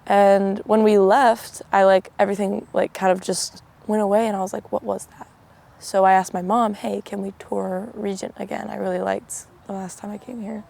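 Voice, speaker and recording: A woman's voice: medium pitch, flat delivery, normal speed, vocal fry, a little mellow. A young woman sharing a personal faith testimony, chatty and full of "like", acting out the conversations she recounts. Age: young adult. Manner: chatty, peppered with "like", acts out quoted exchanges. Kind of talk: personal testimony, casual storytelling.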